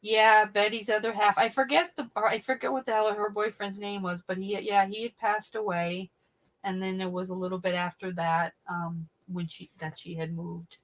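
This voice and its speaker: Her voice sits in the mid-range and moves at a moderate pace as this middle-aged woman, hosting a casual stream, recounts a funny tale to her chat. She swears, laughs mid-sentence, and stays animated, all on a rough recording.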